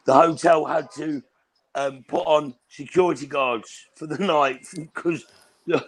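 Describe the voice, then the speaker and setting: Bright-voiced cheeky English guest. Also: male voice, a little high, a little hiss or hum, rough recording. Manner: cheeky, teasing, storytelling. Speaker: guest on a fan channel stream. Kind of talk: casual live-stream banter.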